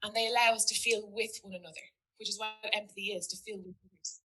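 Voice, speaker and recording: A teacher speaking to an audience, telling a story in an earnest, reflective way. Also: female voice, mid-range voice, steady tone, quick pace, pushed and bright, breathy edge, rough recording. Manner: earnest, reflective, quotes a student in dialogue. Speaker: teacher giving a talk.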